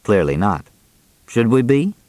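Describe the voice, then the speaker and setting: A man's voice: on the low side, sing-song, measured pace, a little mellow, no room sound. A man voicing a guarded young man who answers in a dry, polite manner.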